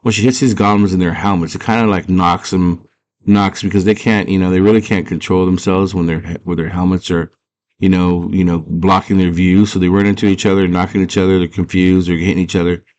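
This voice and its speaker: A man's voice: sits low, level tone, fairly quick, a little mellow. A man casually retelling a movie plot, rambling and slangy with lots of fillers. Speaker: movie fan.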